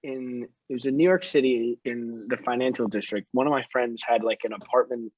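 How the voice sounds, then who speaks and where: A young man in a band, telling an animated story in a casual interview and laughing as he goes. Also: medium pitch, brisk, no echo. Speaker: band member. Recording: dry, dull lo-fi.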